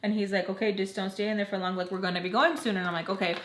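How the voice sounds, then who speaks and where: A woman's voice: mid-range voice, steady tone, rapid-fire, fairly bright tone, slight background noise. Chatty young woman in an echoey room. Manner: chatty, lots of "like", quotes others in passing. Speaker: storytime vlogger. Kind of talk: casual storytelling.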